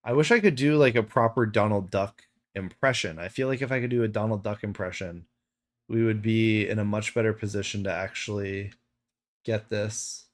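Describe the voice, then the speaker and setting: A man's voice: on the low side, normal speed. A man streaming a game live, chatting casually with a playful, self-mocking manner.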